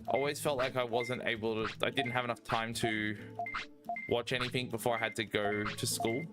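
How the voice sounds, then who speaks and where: A man, chatting casually while streaming a speedrun, rambling and excitable with lots of swearing and fillers. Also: medium pitch, normal speed. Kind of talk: casual chat while playing. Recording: game music playing behind. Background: video game music.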